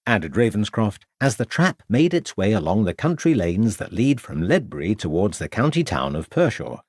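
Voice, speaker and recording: A man reads a crime novel aloud in a measured storytelling way. His voice is low but moves a lot, and the recording is close and dry. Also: very animated, gravelly, breathy edge, no echo. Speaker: audiobook narrator. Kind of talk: scripted narration.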